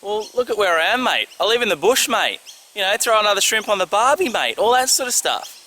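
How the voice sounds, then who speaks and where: A man's voice: sits high, sing-song, a little fast, pushed and bright, a little hiss or hum, pitched above the performer's own voice, exaggerated voice. A man hamming up an over-the-top Aussie bushman. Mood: mock-boastful. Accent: Australian. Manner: exaggerated, sing-song. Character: overblown ocker bushman, adult man, jokey.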